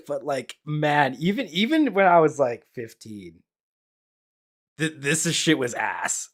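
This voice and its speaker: A man's voice: fairly high pitch, big pitch swings, a little slow, fairly bright tone. A young man giving casual reaction commentary as an anime YouTuber, blunt and profane, rambling with lots of fillers.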